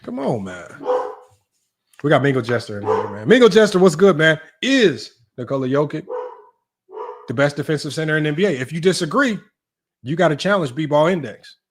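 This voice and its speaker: A man hosting a casual sports livestream, teasing his chat, his voice jumping up in mock disbelief. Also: a little fast. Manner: animated, teasing, voice jumps high in mock disbelief. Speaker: livestream sports talk host.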